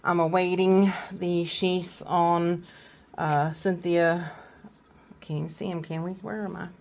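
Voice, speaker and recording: Southern lady filming her plant shelves on a phone, lowish voice, lots of ums and restarts. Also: flat delivery, slow pace, vocal fry, darkish tone, a little hiss or hum. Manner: chatty, rambling, many fillers and restarts. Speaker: orchid vlogger. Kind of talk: casual walkthrough of her plants. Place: indoors at home among plant shelves.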